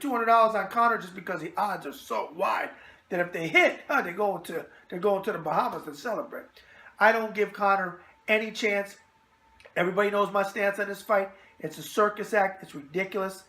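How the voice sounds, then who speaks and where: His voice sits high and has a sharp tone. He's a New York-accented boxing web show host running a casual video mailbag, brash and wisecracking, with catchphrases all through it.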